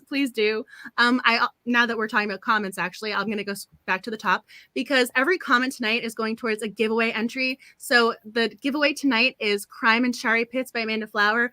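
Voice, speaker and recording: A woman hosting a book club stream, chatting casually with frequent giggles and quick apologies. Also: on the high side, steady tone, bright, forceful tone, dry recording. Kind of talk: casual live-stream chat.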